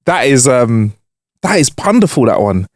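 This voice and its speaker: A man's voice: medium pitch, very animated, moderate pace, no room sound, studio quality. A man co-hosting a podcast, chatting casually and laughing along. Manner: easygoing, reacts with laughter. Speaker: podcast co-host. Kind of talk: casual chat.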